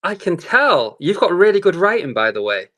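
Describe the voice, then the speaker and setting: A man's voice: high-pitched, big pitch swings, normal speed, a bit bright. Chatty man unboxing on stream. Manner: earnest, chatty, talks to viewers while unboxing. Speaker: show host. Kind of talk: casual livestream chat. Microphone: camera on a tripod.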